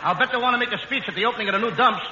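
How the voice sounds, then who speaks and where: A man playing a high-voiced childlike wisecracker. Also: rapid-fire, close to an everyday voice. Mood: wisecracking. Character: naive excitable comic sidekick, grown man. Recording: dull old radio broadcast, noisy, echoey.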